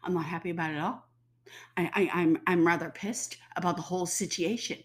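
A woman's voice: lowish voice, steady tone, a little fast. Woman in her fifties, stuffy and sore-throated, blunt, profane to-camera ranter. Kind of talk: casual rant to camera.

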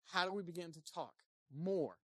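A pastor preaching a sermon, animated, swinging between loud emphasis and quiet asides, and acting out the people quoted. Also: medium pitch, moderate pace, breathy edge, no room sound, clean studio sound. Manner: acts out quoted speakers in playful voices.

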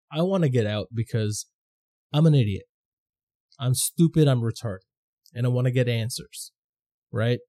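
A man with a mellow, warm voice holds forth as a podcast host, thinking aloud in a loose, rambling monologue. His talk is casual and profane, and he swears freely as he goes. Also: medium pitch.

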